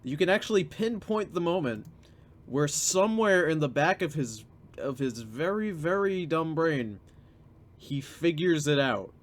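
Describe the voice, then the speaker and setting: A man's voice: fairly high pitch, lively intonation, unhurried. A man hosting a reaction commentary, sardonic and drawing out his points. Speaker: commentary host.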